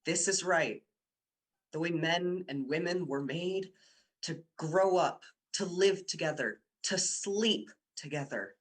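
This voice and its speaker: Slow-paced and a little high, a young man's voice performs the part of Dick, a persuasive university student. In the amateur radio drama he coaxes, teases and presses his girlfriend, keeping a coaxing mood.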